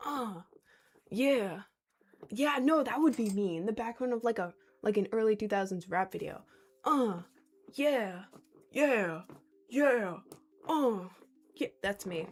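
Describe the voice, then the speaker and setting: A woman's voice: mid-range voice, a little hiss or hum. A young woman livestreaming, chatting casually and reading out viewers' comments with frequent laughs. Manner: rambling and giggly, reading out chat.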